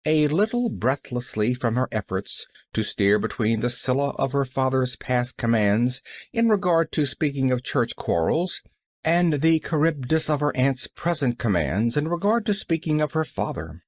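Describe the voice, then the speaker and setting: A man narrating an audiobook with expressive storytelling. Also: mid-range voice, normal speed, no room sound.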